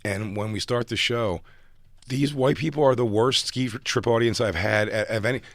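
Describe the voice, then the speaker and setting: A man telling a long, animated story from his stand-up comedy days in casual chat, acting out other people's lines as he goes. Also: medium pitch, normal speed, dry recording, studio quality.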